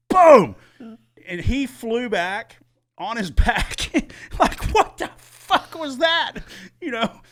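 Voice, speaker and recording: Middle-aged male podcast host, animated storyteller, bright tone. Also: high voice. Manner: animated, swears freely, laughs. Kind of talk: casual storytelling.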